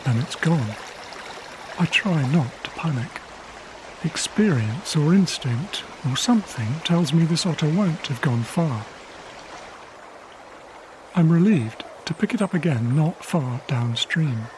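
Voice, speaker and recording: A man, a wildlife cameraman from England, narrating his diary in a quiet, measured, reflective documentary voice. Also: fairly high pitch, expressive, background noise. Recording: faint river ambience behind.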